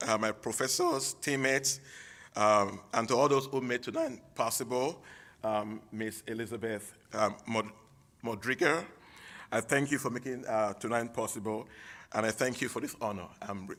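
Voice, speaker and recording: Bright-voiced Texan teacher giving thanks. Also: male voice, mid-range voice. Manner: heartfelt, halting, with fillers and restarts. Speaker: award-receiving teacher. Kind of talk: acceptance speech. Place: banquet hall.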